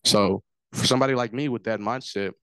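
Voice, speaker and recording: Earnest lower-voiced man telling his story. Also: a little fast, pushed and bright, smooth, no echo. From Africa. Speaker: forum speaker. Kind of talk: personal testimony.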